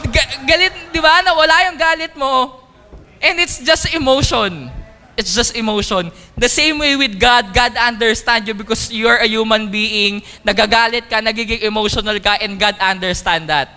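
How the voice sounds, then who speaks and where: A man with a Filipino accent preaching a sermon, mixing Tagalog and English with emphatic, animated delivery. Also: very high voice, moderate pace, smooth. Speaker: pastor. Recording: long hall reverb.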